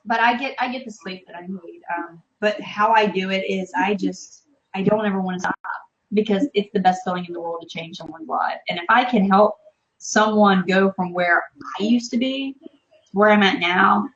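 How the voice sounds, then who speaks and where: A woman in her thirties talks with fierce, emphatic passion, swearing freely in the heat of her point. Her voice sits at an ordinary pitch for a woman. The audio from her video call comes through a little muffled and lo-fi. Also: normal speed, fairly bright tone. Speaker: interview guest, online business marketer. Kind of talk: casual live-stream interview.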